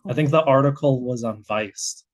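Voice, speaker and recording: Animated American guest researcher. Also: medium pitch, moderate pace. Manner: animated, thinking aloud with many restarts. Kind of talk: casual explanatory conversation.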